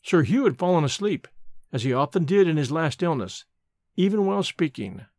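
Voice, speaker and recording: A man's voice: on the high side, very animated, moderate pace, a little mellow, no echo, clean studio sound. A man narrating a gothic ghost story aloud, reading expressively and dramatically.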